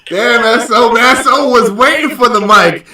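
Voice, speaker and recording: A teasing, animated man hosts a trading livestream, his voice high and bright. He sounds set back from the mic in an echoey room. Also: moderate pace, far from the mic. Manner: animated, teasing, repeats "hold on" a lot. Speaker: host of a stock trading show. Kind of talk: casual joking livestream banter.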